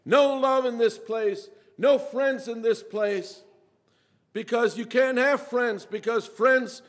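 Male preacher, high voice, earnest delivery with repeated phrases, long reverb. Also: slow. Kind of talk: sermon.

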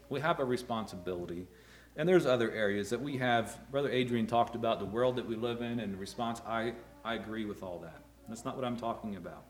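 A middle-aged man preaching a sermon to fathers, earnest, rising loud on key words and dropping low. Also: a little hiss or hum. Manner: earnest, rises loud for emphasis then drops low. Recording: echoey room.

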